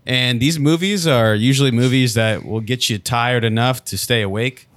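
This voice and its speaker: A man's voice: medium pitch, moderate pace, a bit bright, dry recording. A man co-hosting a casual comedy podcast, rambling through made-up sponsor reads and losing his thread. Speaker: podcast co-host.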